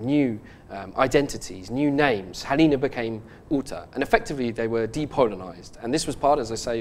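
A man hosting a podcast, telling a story in a halting, earnest way with many restarts and fillers. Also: mid-range voice, a little mellow. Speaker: podcast host. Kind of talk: casual podcast chat.

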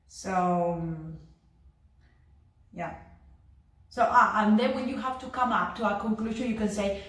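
A woman teaching an English lesson, hesitant, with many fillers and restarts, whose native language is Spanish. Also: medium pitch. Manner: acts out sample phrases in a livelier voice. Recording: very echoey room, a bit distant from the mic.

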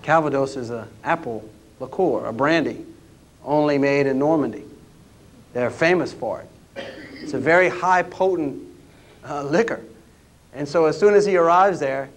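A man, a historian telling anecdotes in a lecture, in a folksy way with frequent restarts. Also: fairly high pitch. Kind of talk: storytelling lecture. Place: lecture room at a history roundtable.

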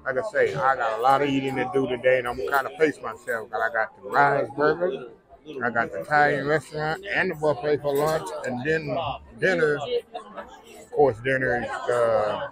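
A Texan food vlogger chats casually aboard a cruise ship, folksy and talking straight to viewers, whom he keeps calling "y'all." His mid-range voice comes at normal speed in a low-quality recording, with busy crowd chatter behind him.

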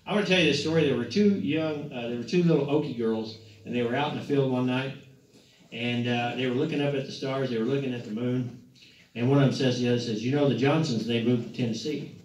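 Joking pastor in an echoey room. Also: male voice, mid-range voice, fast talker, darkish tone, a little hiss or hum. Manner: rambling, joking, self-correcting. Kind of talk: casual church announcements and joke-telling. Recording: echoey, distant, muffled, with guitar music.

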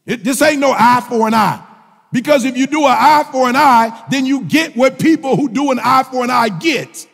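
Guy preaching really high-pitched, shouting and repeating himself, big echoey hall. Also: normal speed, creaky. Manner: impassioned preaching, repeating phrases, often shouting; colloquial and joking. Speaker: minister. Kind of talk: sermon. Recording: long reverb of a large hall.

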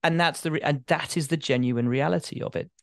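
A man's voice: a little high, brisk, gravelly, fairly bright tone, dry recording, studio quality. A middle-aged man chatting on a podcast as a guest, talking emphatically and expansively. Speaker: guest, motorsport reporter. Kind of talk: casual podcast chat.

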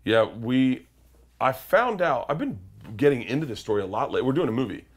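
A man's voice: mid-range voice, sing-song, fairly quick. A man in his forties telling a story in an interview, rambling and cutting himself off as he quotes people. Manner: rambling, self-interrupting, quotes others in character. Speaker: comedian guest.

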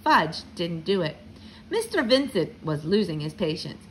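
A woman's voice: lowish voice, measured pace, poor audio. A woman who teaches fourth grade, reading a children's book aloud to her class from home. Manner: warm teacherly read-aloud, lively. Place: at home, living room.

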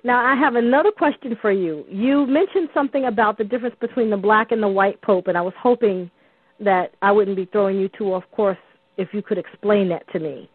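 A woman's voice: medium pitch, a little fast, breathy edge, no echo. A woman calling into a radio show, chatty and storytelling, over a dry, tinny phone line. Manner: chatty, lots of ums and restarts, storytelling. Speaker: caller. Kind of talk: call-in radio talk.

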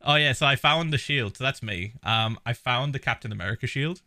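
A man's voice: medium pitch, brisk, bright, forceful tone, dry recording, clean studio sound. A man casually reacting to a video, talking animatedly, swearing a lot and laughing often.

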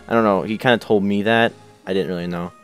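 A man's voice: lowish voice, steady tone, fast, clear, resonant tone, faint music behind. A young man hosting a casual let's play, chatting loosely, swearing and reading game text aloud in silly voices. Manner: goofy, swears, shouts character names.

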